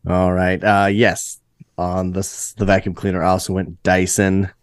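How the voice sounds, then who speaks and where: A man's voice: deep voice, completely flat delivery, moderate pace, clear, resonant tone, dry recording, clean studio sound. A man, a joking, self-deprecating quiz contestant chatting casually. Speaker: game show contestant. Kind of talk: casual chat.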